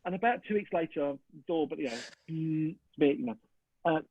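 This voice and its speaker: Middle-aged guy rattling off a story, slightly raised voice, husky, sounds like a dry phone line. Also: on the high side, moderate pace, no room sound. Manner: animated storyteller acting out both sides of dialogue. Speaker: photographer, interview guest. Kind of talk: casual anecdote in an interview. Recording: dry, tinny phone-like call audio.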